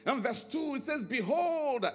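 A male pastor preaching a sermon, his delivery swinging from soaring, sing-song emphasis to low, hushed lines. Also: animated, measured pace, soft background music.

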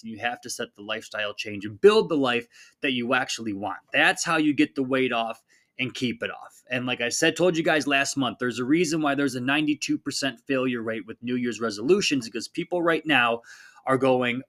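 A man in his thirties talks through a solo fitness podcast in an easy, mid-pitched voice. He sounds like a coach giving a pep talk, upbeat and conversational, and he slips into quick quoted voices as he goes. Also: fairly bright tone.

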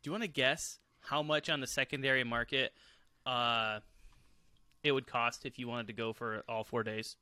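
A man co-hosting a sports podcast, speaking in a relaxed, explanatory way with plenty of filler pauses. His voice is very bright and the recording is dry and close. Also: medium pitch, clean tone, dry recording. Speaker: podcast co-host. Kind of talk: casual sports podcast chat.

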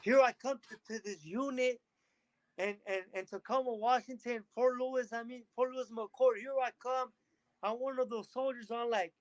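A man talking as a podcast guest, telling energetic stories and acting out what others said to him. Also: extremely high pitch, normal speed, no echo, low-quality recording. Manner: energetic storytelling, quotes others in lively bursts. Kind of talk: casual interview chat.

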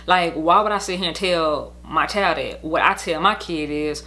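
A woman's voice: low-pitched, normal speed, few pauses, sharp tone. A woman venting in a rambling, profane monologue about her own story. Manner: rambling, profane, heated, with many "like" fillers. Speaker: podcast host telling her own story.

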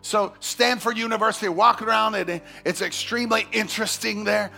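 A male pastor preaching a sermon, telling a story with animated swings from hushed asides to shouts. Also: high-pitched, brisk, gravelly, soft background music.

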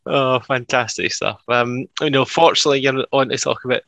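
A man's voice: medium pitch, fairly even intonation, fairly quick, vocal fry, bright, forceful tone, no echo. A man interviewing a guest in a casual conversation, hesitant and full of ums.

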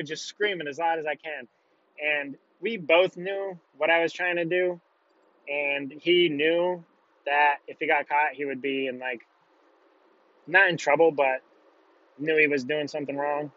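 A young man with a fairly high voice tells a story casually and bluntly, swearing often. The recording is dull and lo-fi, with a dry, close sound. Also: fairly even intonation, normal speed, sharp tone, no echo.

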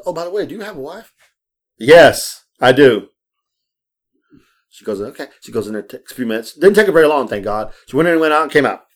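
Guy rattling off a story quick, mid-pitched, does all the voices, swears a lot. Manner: animated, acts out quoted voices, swears freely. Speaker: podcast host. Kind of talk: casual storytelling chat.

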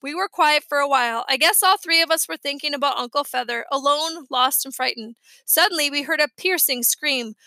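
A woman with a high, bright voice reads a children's chapter book aloud. Her storytelling is lively and expressive, and the recording is close and dry. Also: a little fast, few pauses, no room sound. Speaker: audiobook reader. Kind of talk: storybook narration.

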